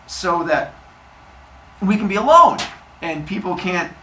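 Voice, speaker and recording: A man's voice: high-pitched, very animated, measured pace, pushed and bright, slight background noise, voice pushed up, exaggerated voice. A man playing a smug scheming god. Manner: falsely cheerful, sly. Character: scheming male king god, sly and smug. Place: classroom. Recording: echoey room, distant mic.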